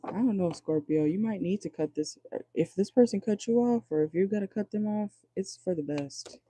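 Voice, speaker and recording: A man's voice: sits high, moderate pace, dark tone, slightly rough, no echo. A man doing a casual livestream tarot reading, chatty and joking, talking straight to his viewers and swearing freely. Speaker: tarot reader.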